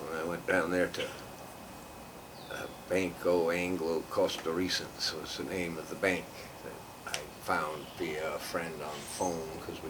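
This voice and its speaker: Older man, rambling storyteller, low voice, acts out other voices, distant mic, noisy background. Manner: acts out voices in his stories, drops to a near whisper for asides. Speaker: storyteller guest. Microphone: far from the mic.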